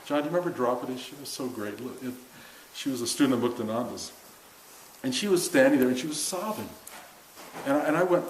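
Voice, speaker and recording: A man's voice: medium pitch, lively intonation, quick pace. An older man telling a long personal story to a group, self-mocking, acting out what people said in a raised voice. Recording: roomy room with faint hiss.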